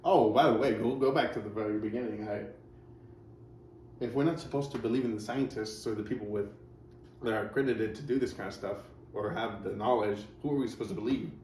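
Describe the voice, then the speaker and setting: Commenting casually over clips for a reaction video, a male host rambles and throws in sarcastic remarks. He speaks on the low side, fairly quickly, with a darkish tone, captured by a distant mic in a roomy space with faint noise.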